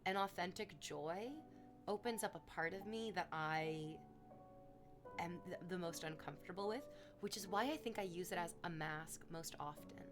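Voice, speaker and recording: A woman's voice: normal speed, music in the background. A young woman streaming, chatting casually with viewers in a rambling, self-mocking way. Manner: rambling and self-mocking, bursts into high squealing excitement over gifted subs.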